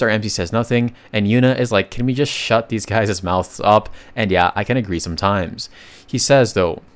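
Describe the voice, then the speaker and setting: A man casually narrating a comic recap, reading the characters' lines aloud and adding offhand asides. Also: medium pitch. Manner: chatty, reads dialogue aloud with asides.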